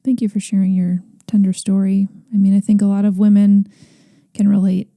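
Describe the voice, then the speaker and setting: Woman podcast host, encouraging, very dark tone, dry sound. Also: mid-range voice, flat delivery, fairly quick, no echo. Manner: warm, encouraging, addresses listeners. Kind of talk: podcast interview.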